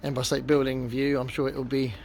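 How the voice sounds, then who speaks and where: A man's voice: medium pitch, level tone, a little fast, creaky, a little mellow. Casual male travel vlogger, talks to a handheld camera, rambles a little, outdoor noise behind. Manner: chatty and rambling, many fillers. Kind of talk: casual vlog narration to camera. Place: outdoors, sightseeing on foot and by water.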